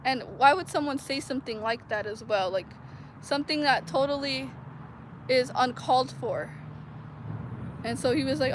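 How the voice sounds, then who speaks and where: High-voiced woman rambling outdoors. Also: moderate pace, long pauses. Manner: rambling, heavy use of "like" fillers. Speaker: vlogger. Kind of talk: casual storytelling to viewers. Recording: noisy outdoor street recording.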